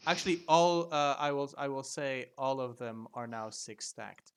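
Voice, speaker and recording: A man narrating as game master, halting with many fillers and restarts. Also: medium pitch, fairly even intonation, clean tone.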